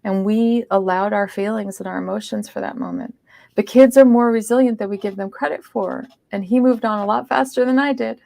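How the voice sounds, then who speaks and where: A woman speaking as a podcast guest, telling a personal story in an earnest way, swinging between loud emphasis and hushed asides. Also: medium pitch, fairly even intonation, fairly quick, gravelly, no room sound.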